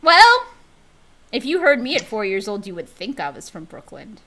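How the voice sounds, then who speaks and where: A woman hosting a casual chat stream, animated and laughing often. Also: fairly high pitch, normal speed. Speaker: host.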